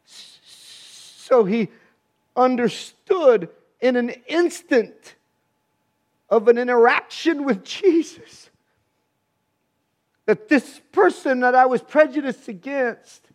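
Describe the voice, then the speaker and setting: A man's voice: very high voice, animated, takes it slowly, pauses often. A man preaching a sermon in a fervent, emphatic way, repeating phrases for stress.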